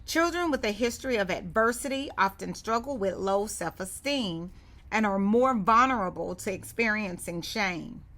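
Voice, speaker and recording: Bright-voiced woman narrating a training course. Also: mid-range voice. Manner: calm, measured instructional delivery. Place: studio voiceover.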